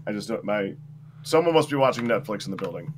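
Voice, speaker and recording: A man's voice: fairly low pitch, animated, fast, slight background noise. A man in casual gaming chat, explaining game items and answering friends a bit defensively. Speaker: game player.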